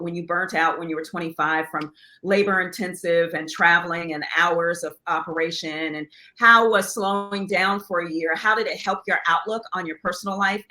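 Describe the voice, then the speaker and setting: A woman with a low but very bright voice moderates a webinar over a video call. She reads audience comments and questions aloud in a friendly tone.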